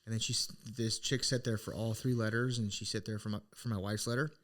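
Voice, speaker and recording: Speaking quickly, a middle-aged podcast co-host has a lowish, slightly bright voice with a steady tone. The story he tells is personal, and he tells it sincerely and casually, with lots of restarts as he reflects.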